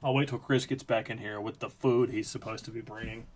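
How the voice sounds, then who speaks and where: A man's voice: mid-range voice, steady tone, a little fast. A man hosting a live stream, telling a rambling, profane story in a casual chat. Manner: rambling, profane, lots of fillers.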